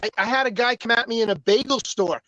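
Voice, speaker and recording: A man's voice: very high-pitched, fast talker, bright, forceful tone, highs cut off. A man hosting a casual chat, telling anecdotes defiantly and acting out what others said. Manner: defiant, tells anecdotes with quoted dialogue.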